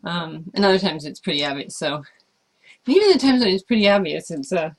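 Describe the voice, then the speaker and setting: A woman's voice: on the low side, animated, fairly quick. A woman chatting casually as she answers viewer questions about life with her service dog, thoughtful and hesitant, with frequent fillers. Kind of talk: casual Q&A chat.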